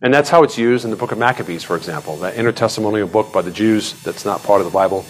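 A middle-aged pastor giving a sermon in a loose, conversational way, full of restarts and asides, jumping sharply higher in pitch when he stresses a point. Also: fast talker, slight background noise, low-quality recording.

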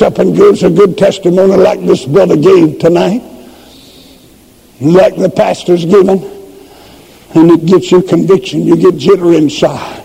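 Male revival preacher, high gravelly voice, dark tone, shouting sermon in a reverberant church hall. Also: steady tone, normal speed. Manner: shouting, preaching with rising emphasis. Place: church service.

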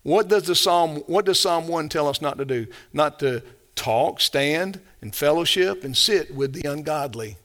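A man delivers a passionate sermon with a fairly high voice. He drives his points home with rhetorical questions and swings from loud emphasis down to near-whispered quiet. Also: animated, measured pace. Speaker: preacher.

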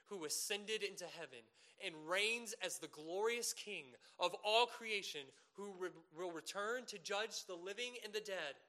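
Bright, high-voiced man preaching a sermon. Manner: earnest, rising to emphatic peaks with rhetorical questions.

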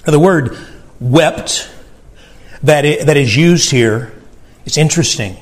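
A man's voice: a little high, slow, pauses often. Earnest pastor man, tender sermon voice. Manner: earnest, tender, repeats words when emphasizing.

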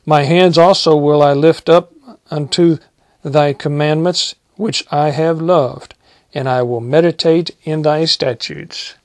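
A man preaching, reading psalms aloud in a slow, measured way and adding short comments. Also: fairly high pitch, steady tone, no echo. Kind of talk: Bible reading and sermon.

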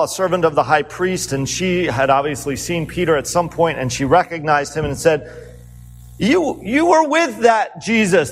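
A man preaching a sermon as a pastor, earnest and animated, asking his listeners rhetorical questions as he retells the story. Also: medium pitch, big-room sound, low-quality recording.

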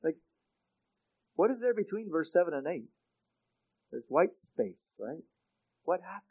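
A man preaching a sermon in an earnest way, often restarting his sentences and growing loud when he quotes scripture. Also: a little high, big pitch swings, a little slow, breathy edge, lo-fi sound. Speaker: pastor.

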